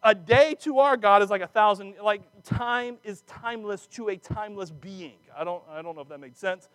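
A man giving a sermon, animated and chatty, often breaking off mid-phrase to start again and slipping in jokey asides. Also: sits high, moderate pace, no room sound. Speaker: preacher. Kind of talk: sermon with personal stories.

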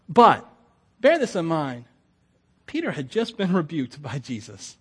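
A man preaching a sermon as a pastor, telling the story with lively humor and frequent stammering restarts. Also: fairly high pitch, normal speed, breathy edge. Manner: animated, acts out quotes with humor, stammering restarts.

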